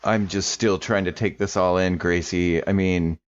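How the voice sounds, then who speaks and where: A man's voice: low voice, fairly even intonation, normal speed, lightly acted. A man playing a laid-back young man in a role-play, talking casually with fillers like "like" and "dude". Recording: slightly muffled lo-fi mic.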